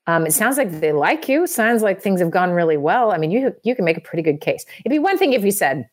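A woman's voice: fairly low pitch, big pitch swings, fast talker. A woman hosting an advice podcast, giving encouraging, coaching advice in casual chat with many fillers.

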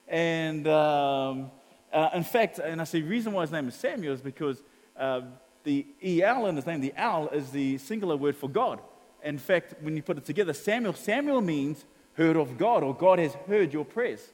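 Kiwi pastor guy preaching, kinda high voice, chatty, acts out little convos, big hall echo. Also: animated, moderate pace, a little mellow. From New Zealand. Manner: chatty storytelling, acts out dialogue, laughs often. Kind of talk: sermon.

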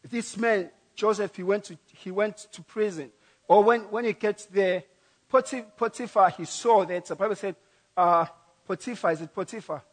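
Preacher delivering a sermon; high-pitched man, emphatic, repetitive, dynamic. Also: moderate pace. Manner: emphatic, repeats key phrases, swings from loud to soft.

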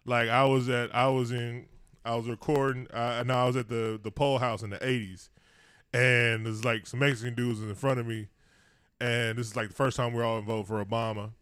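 A man co-hosting a laid-back podcast chat, loose and slangy, with a habit of laughing between stories. His voice sits at an ordinary pitch, and the room is dead and close-miked. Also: little pitch movement, normal speed, a bit bright, smooth, dry recording. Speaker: podcast co-host. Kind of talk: casual chat.

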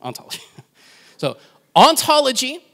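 A man's voice: very high-pitched, wildly swooping pitch, moderate pace, creaky, pushed and bright. A man preaching a sermon in a conversational way, asking the congregation questions and telling personal stories with self-deprecating humor.

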